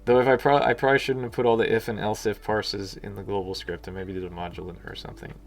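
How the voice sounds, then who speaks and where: A man's voice: fairly low pitch, little pitch movement, fast. A man streaming his work as an indie game developer, chatting casually and muttering to himself as he codes and reads chat aloud. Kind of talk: casual live-stream commentary while working. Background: faint music and keyboard typing.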